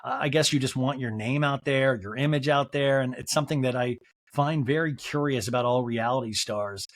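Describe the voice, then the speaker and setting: A man hosting a podcast, recapping a reality show in a chatty, animated way, swearing and mimicking people's lines. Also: mid-range voice, fairly quick. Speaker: podcast host. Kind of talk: casual solo recap.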